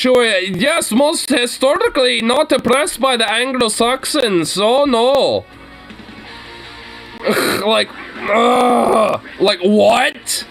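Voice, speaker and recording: A man's voice: very high-pitched, slow, creaky, fairly bright tone, faint music behind. A young man giving casual reaction commentary, ranting with heavy profanity and frequent laughter.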